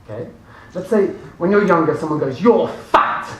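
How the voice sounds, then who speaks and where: A man giving a lively motivational seminar talk to a live audience, often laughing and asking the room questions. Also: fairly high pitch, fairly quick. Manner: animated, laughing, addresses audience directly. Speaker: motivational speaker. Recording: echoey room from far off, faint noise.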